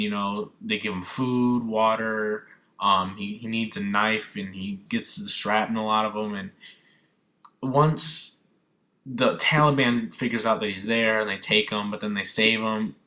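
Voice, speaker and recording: A man's voice: on the low side, pushed and bright. A young man, reviewing a film in an earnest, rambling way, with many fillers and restarts. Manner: earnest and moved. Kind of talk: casual emotional film review.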